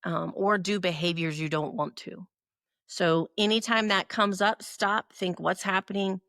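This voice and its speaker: Woman, middle-aged, podcast co-host, earnest motivational advice, gravelly fry, dry sound. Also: medium pitch, steady tone, a little slow, a bit bright, no room sound. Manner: earnest, frequent "right?" tag questions.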